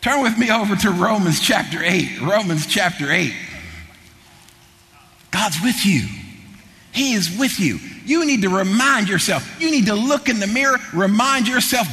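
A middle-aged man preaching a sermon, building into fervent shouting with repeated phrases. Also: sits high, lively intonation, unhurried. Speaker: pastor. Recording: long hall reverb with faint noise.

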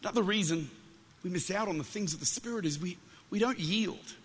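The sound is of a big room, where a guest preacher with an Australian accent and a high-pitched, husky voice moves briskly through a Pentecostal sermon. Between jokes and animated stories, he stumbles and keeps repeating words.

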